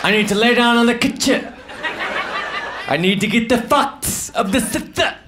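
A man performing live stand-up comedy, delivering deadpan one-liners with mumbled self-deprecating asides. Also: very high voice, unhurried. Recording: noisy live club recording with audience laughter.

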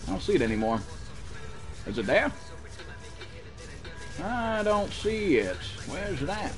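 A man streaming a survival game live, cursing and yelling to his chat and teammates for help, then reading out donations. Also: high voice, sing-song, a little slow, soft background music. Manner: panicky, profane, yelling for help. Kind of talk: live gameplay commentary.

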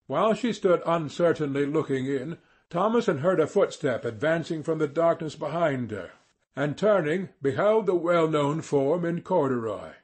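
A man narrating a classic novel aloud as an audiobook reader, in a measured way. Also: medium pitch, slightly rough. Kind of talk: scripted narration.

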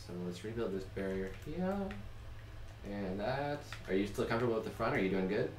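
A young man chatting casually while playing a video game with his wife, bossy and prone to sudden shouts. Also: lowish voice, expressive, brisk, reverberant, far from the mic, background noise. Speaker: gamer. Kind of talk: casual gameplay chat.

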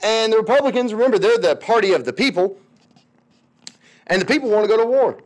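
A man with a high voice and a drawl teaching history in a loose, conversational way. He talks like he's chatting with students, full of slang. He keeps slipping into little voices for the people he quotes. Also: lively intonation, fast talker. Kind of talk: casual classroom lecture.

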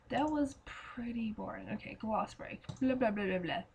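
A woman playing a game and chatting as she goes, her voice going hoarse, swearing and singing to herself. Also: a little high, moderate pace, a little mellow, highs cut off, slight background noise. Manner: chatty, swears often, sings and mutters to herself. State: losing her voice. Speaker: gamer. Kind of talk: casual let's play commentary.

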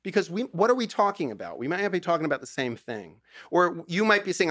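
A middle-aged divorce lawyer appears as a podcast guest, speaking in a high, pushed, bright voice that's very animated and fast with hardly any pauses. He tells stories with emphasis and acts out quoted dialogue in a conversational interview, recorded at studio quality with no echo.

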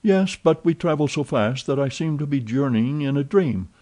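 Man doing a lively young French manservant, raised excitable voice, warm mellow tone, chatty, storybook reading. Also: on the high side, normal speed, voice pushed up, lightly acted. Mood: excited chatter. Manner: eager, voluble, exclamatory.

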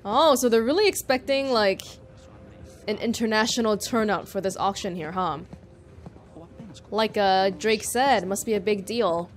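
A woman's voice: medium pitch, a little slow. A woman hosting a let's play, chatting casually and sarcastically over the gameplay.

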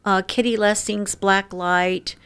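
A woman around sixty telling stories in an interview, lively and laughing often. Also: medium pitch, slow, clean tone. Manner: lively storyteller who laughs often and acts out quoted voices. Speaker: interview guest. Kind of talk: casual storytelling interview.

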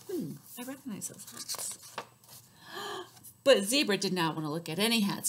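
A woman librarian leading a children's story time, reading aloud with sing-song rhymes, loud cheers and whispered asides. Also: mid-range voice, big pitch swings, normal speed, husky.

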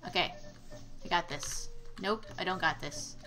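A woman's voice: lowish voice, unhurried, pushed and bright, faint music behind. A young woman giving casual let's-play commentary, exclaiming at failures and trading sarcastic asides with the game. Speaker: gameplay commentator.

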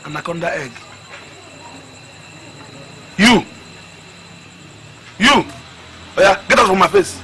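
A man's voice: sits high, expressive, slow pace, pauses often, pushed and bright, breathy edge, heavily acted. An actor with a Nigerian English accent playing a lazy, grumbling father who scolds and mocks his son, stumbling over his words. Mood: mocking scolding. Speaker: film actor. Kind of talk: comic film acting.

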